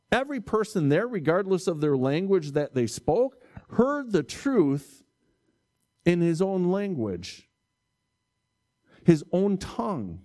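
Man, pastor giving a sermon, unhurried, warm mellow tone, animated delivery. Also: high-pitched. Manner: animated, acts out bewildered reactions, stumbles on Greek words.

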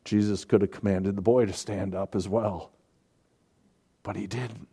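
Male pastor mid-sermon: unhurried, mellow, emphatic expository preaching. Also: on the low side, fairly even intonation, husky. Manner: expository preaching, with repeated words and emphatic builds.

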